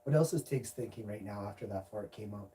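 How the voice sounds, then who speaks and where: A man's voice: lowish voice, fairly quick, mellow. Goofy guy streaming, rambly baby talk, mic kinda distant. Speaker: live streamer. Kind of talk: casual livestream chat.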